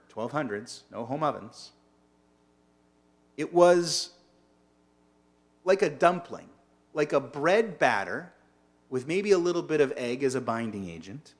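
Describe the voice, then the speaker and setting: Teaching as a rabbi in a relaxed online lunch-and-learn session, a medium-pitched man keeps things conversational and digressive, regularly quizzing those listening.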